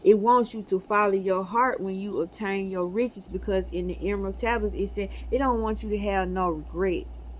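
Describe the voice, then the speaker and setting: A woman's voice: medium pitch, normal speed, few pauses, a little hiss or hum. Emphatic woman preaching casually to camera. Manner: emphatic, preachy, conversational with laughs. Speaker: spiritual video host. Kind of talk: casual spiritual talk to camera.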